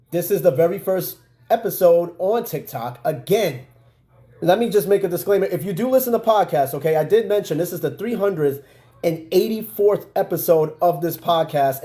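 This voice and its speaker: Chatty New York man, dark voice. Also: on the high side. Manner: loose, chatty, frequent fillers and asides to viewers. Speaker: podcast host. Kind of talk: casual live-stream chat.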